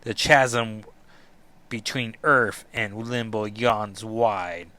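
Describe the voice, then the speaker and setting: A man's voice: lowish voice, fairly even intonation, extremely slow, bright, forceful tone, heavily acted. A man voicing a scheming male demon lord who gloats grandly over his plans. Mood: gloating. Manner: grandiose, gloating villain speech.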